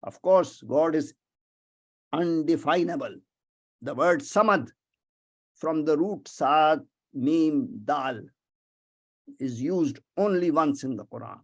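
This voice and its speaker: A man giving a webinar lecture as a visiting professor, emphatic, animated and prone to digressions, over a video call. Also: fairly high pitch, takes it slowly, long pauses.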